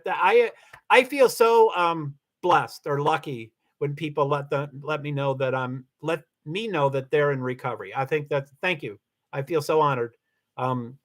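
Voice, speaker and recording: An older man talks on his own livestream in a loose, wandering way, answering viewers' comments and drifting off topic. He stumbles through fillers and restarts. His voice swings from low mutters to sudden high, excited peaks. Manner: big swings in pitch, rising high when excited. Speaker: livestream host. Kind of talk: casual livestream chat reading viewer comments.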